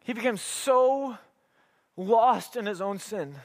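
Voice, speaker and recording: A male preacher delivering a sermon with a very high voice. He talks in an emphatic, conversational way and adds humorous asides. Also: takes it slowly.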